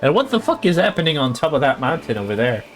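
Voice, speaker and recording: A man streams a game with casual, profane, joking commentary, his voice moving in lively pitch swings. Game music sits clearly behind him. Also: fast talker. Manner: profane, joking, playful asides. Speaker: gaming streamer. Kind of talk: casual let's-play commentary.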